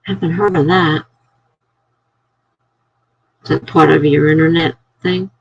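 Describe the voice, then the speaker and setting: A woman hosting a casual live stream from her apartment, telling long rambling stories to her viewers in an animated way. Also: sits low, measured pace, vocal fry, dull audio, a little hiss or hum.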